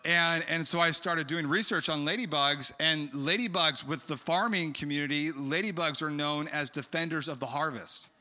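A man from California telling a rambling, animated story in a sermon, full of fillers and asides. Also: fairly high pitch, normal speed, hardly any pauses. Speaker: preacher. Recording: long hall reverb.

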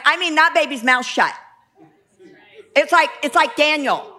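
A woman preacher telling a story in her sermon, animated and laughing often. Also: high voice, a little slow.

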